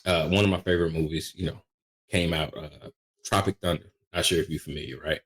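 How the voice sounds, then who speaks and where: This podcast guest is a middle-aged man whose voice is very deep and low, and he speaks a little fast. He tells his stories with lively animation, frequently starting sentences over, and chats casually in the manner of a seasoned producer.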